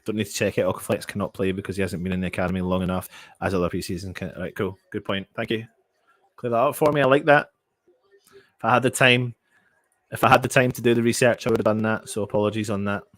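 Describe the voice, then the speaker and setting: A young man giving excitable, emotional fan play-by-play during a live match watchalong. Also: lowish voice, fast, dry recording. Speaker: fan commentator.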